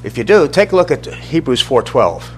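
A man's voice: medium pitch, very animated, normal speed, slight background noise. Middle-aged man teaching a church Bible class. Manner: conversational, asks the class questions, restarts sentences.

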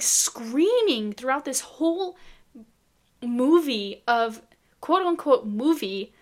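A young woman vlogging in a casual, chatty way, full of incredulous rhetorical questions. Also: high-pitched. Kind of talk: casual chat to camera.

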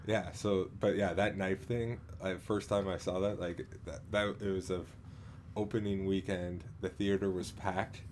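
This podcast co-host's low-pitched, slightly mellow voice has fairly even intonation as he rambles through casual conversation, halting with many fillers and restarts and laughing frequently. Slight background noise is present.

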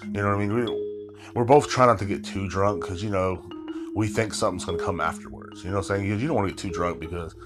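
A man's voice: fairly low pitch, fast talker, music in the background. A man in his thirties hosting a podcast, telling a long story in a loose, rambling way with lots of swearing and asides, sounding tired. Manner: rambling, heavy swearing, frequent filler asides. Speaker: podcast host. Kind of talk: casual storytelling monologue.

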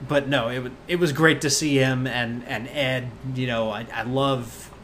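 A man's voice: medium pitch, fairly even intonation, unhurried, fairly bright tone, slight background noise. A man hosting a podcast, chatting casually and rambling, often laughing and restarting his sentences. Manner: rambling, chuckling, frequent restarts. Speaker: podcast host. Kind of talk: casual chat recapping a convention.

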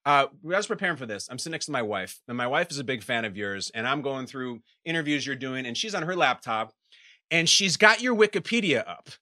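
A man's voice: mid-range voice, animated, fairly quick, sharp tone, dry recording, clean studio sound. A man hosting an interview, playful and upbeat as he asks questions. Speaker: host. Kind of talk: casual interview.

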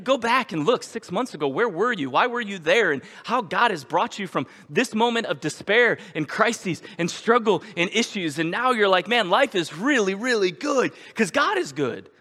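A man's voice: high-pitched, pushed and bright. A male pastor preaching a sermon in a conversational storytelling manner, with emphatic repetition. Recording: echoey church hall.

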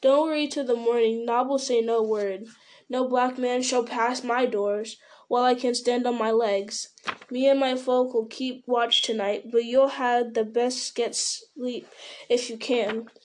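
A woman's voice: on the high side, fairly even intonation, measured pace, natural voice. Woman reader voicing a middle-aged male innkeeper: nervous, gossipy, rambling, storybook tone. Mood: stout-hearted. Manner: rambling, fretful. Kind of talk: storybook reading.

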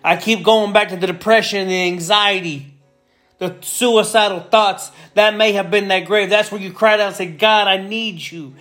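High-voiced man preaching fervently. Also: steady tone, moderate pace, fairly bright tone, faint music behind. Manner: fervent, repetitive, builds in intensity. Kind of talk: sermon.

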